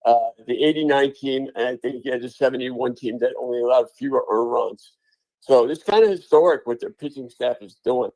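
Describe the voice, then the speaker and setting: A man co-hosting a casual sports podcast, talking through stats in a chatty, analytical way. His voice is mellow and dark. The sound is dry and close. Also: mid-range voice, brisk, no room sound, rough recording. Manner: chatty, analytical, uses fillers. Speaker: podcast co-host.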